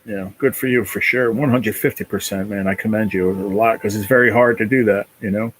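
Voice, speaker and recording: A man's voice: fairly low pitch, steady tone, quick pace, fairly bright tone, rough recording. A man hosting a casual live stream, talking in a rambling, emotional way, full of "you know", and close to tears. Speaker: livestream host.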